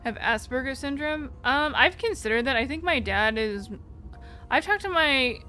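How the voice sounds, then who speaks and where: Bright-voiced young woman rambling candidly. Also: high voice, animated, moderate pace, soft background music. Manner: rambling, candid, fillers like "like" throughout; swears casually. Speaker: live streamer. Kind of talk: casual storytelling and chat reading.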